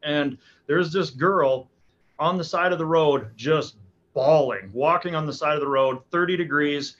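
A middle-aged man, a podcast guest, telling a story in a lively, animated way with quick restarts. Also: a little high, highs cut off. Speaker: guest, hunting guide and speaker. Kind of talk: casual storytelling.

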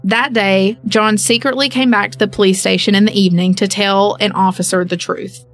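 A woman's voice: medium pitch, fairly even intonation, fairly quick, faint music behind. Woman telling a true-crime story casually. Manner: reads case details, then jokes and acts out people with playful asides. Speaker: podcast co-host.

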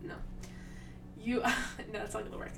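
A woman's voice: moderate pace, noisy background. A young woman co-hosting a podcast in casual chat, giggly and flustered, protesting with laughs. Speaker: podcast co-host.

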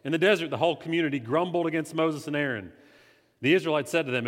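A man, not the pastor, teaching his church in a conversational, animated way, swinging between loud emphasis and quiet confession. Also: fairly high pitch, quick pace. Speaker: lay preacher. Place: church sanctuary. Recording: reverberant hall.

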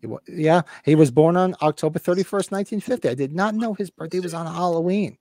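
A man's voice: fairly high pitch, fast, mellow, dry recording. A man in his fifties hosting a casual podcast, talking with rambling enthusiasm and swearing freely. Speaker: podcast host.

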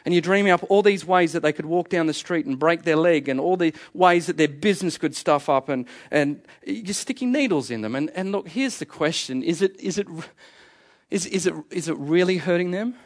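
A man's voice: fairly high pitch, a little fast. A middle-aged man preaching a sermon, emphatic and fond of repeating key phrases. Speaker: pastor.

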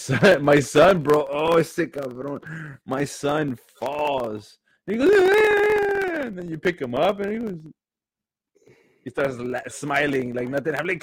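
A young man co-hosting a podcast, chatting casually in English and Spanish and acting out falls with sudden shouts. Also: mid-range voice, breathy edge, no echo. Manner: animated, switches between English and Spanish, acts out falls with shouts. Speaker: podcast co-host. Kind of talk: casual chat.

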